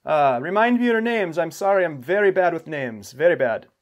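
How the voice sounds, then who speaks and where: A man voicing a jovial, forgetful male caravan leader who greets travelers warmly. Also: a little high, expressive, normal speed, lo-fi sound, pitched above the performer's own voice, close to an everyday voice. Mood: welcoming. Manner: effusive, apologetic hospitality.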